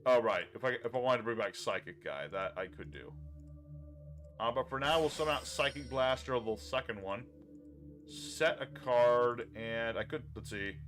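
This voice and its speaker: A male streamer talking through a card game in a loose, chatty way, thinking out loud and addressing his viewers as he plays. His voice sits at an ordinary middle pitch, with faint music running underneath. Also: normal speed, pauses often. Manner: chatty, thinks aloud and talks to chat. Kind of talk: casual live-stream commentary while playing a card game.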